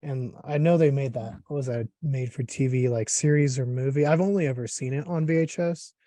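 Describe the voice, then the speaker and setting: A man hosting a casual interview, talking in a relaxed, rambling way with lots of fillers. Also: mid-range voice, a little fast, no room sound. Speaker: podcast host.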